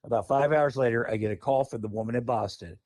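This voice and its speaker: A man telling a story on a podcast in a casual, animated, profane way. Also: mid-range voice, fast, no echo. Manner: animated, profane, laughing often. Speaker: podcast guest.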